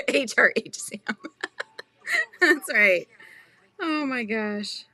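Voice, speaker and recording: Speaking extremely slowly, a woman with a slightly high, expressive voice and a bright, forceful tone hosts a casual crochet live stream. She chats with her viewers and giggles while reading their comments aloud.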